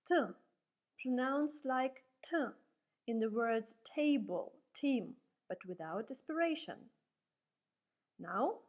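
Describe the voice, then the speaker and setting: Slow, careful woman teacher. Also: muffled recording. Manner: says example letters and words louder and higher, often twice. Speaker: Russian language teacher. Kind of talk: slow, careful language lesson.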